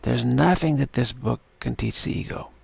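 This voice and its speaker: A man with a low, gravelly, husky voice gives a livestreamed spiritual lesson. He talks slowly and haltingly, repeating words and filling pauses with "uh". The sound is dry and close. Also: dry recording. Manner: slow, halting, repeats words with many fillers. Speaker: spiritual teacher.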